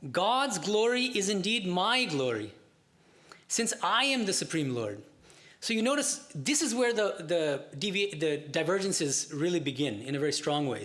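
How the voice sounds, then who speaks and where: A man giving a scripture class lecture, explaining in a measured way and asking rhetorical questions. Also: sits high, a bit bright. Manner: slow chanting of Sanskrit verses. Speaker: Vedanta teacher.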